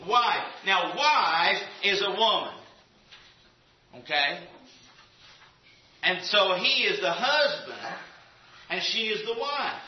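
Preaching slowly in church, a man with a high voice and lively intonation pauses often. His delivery is emphatic and repetitive, full of rhetorical questions, captured in echoey, dull lo-fi sound.

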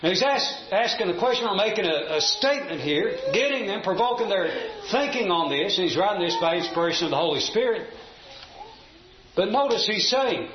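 A man's voice: high-pitched, animated, a little fast. A man preaching a sermon in a church, emphatic, putting questions to the congregation. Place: church room. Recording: roomy, dull, faint hum.

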